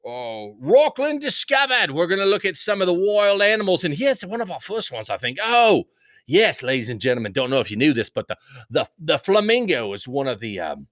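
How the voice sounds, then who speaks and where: A man putting on an excitable male wildlife documentary host, exclaiming like a showman. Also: a little high, brisk, no room sound, studio quality, pitched above the performer's own voice. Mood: excited.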